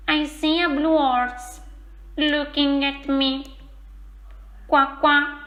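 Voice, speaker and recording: A woman's voice: high-pitched, flat delivery, extremely slow, long pauses, a bit bright, reverberant, dull audio. A woman playfully voicing animals in a read-aloud children's story, adding animal noises.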